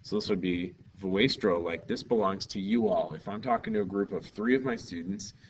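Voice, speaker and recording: A man teaches a Spanish lesson, keeping it playful and acting out small scenes as he explains. His voice sits fairly low. The recording is muffled and set back from the mic, with faint room ambience behind him. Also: moderate pace, distant mic, slight background noise. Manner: upbeat, jokey, acts out little scenes.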